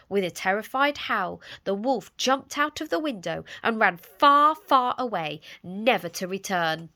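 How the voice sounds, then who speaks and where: A woman storyteller reading a children's story aloud in an expressive, animated way. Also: medium pitch, measured pace, few pauses.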